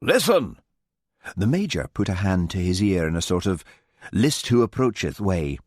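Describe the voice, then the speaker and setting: A man narrating a mystery audiobook in a measured, expressive storytelling manner. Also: low voice, dry recording, studio quality. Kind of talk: scripted narration.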